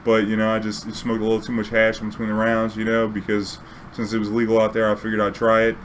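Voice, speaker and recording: A man's voice: fairly low pitch, fast, slight background noise. Laid-back slangy New man. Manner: laid-back, slangy, animated when quoting himself. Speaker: streamer telling a story. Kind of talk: casual storytelling.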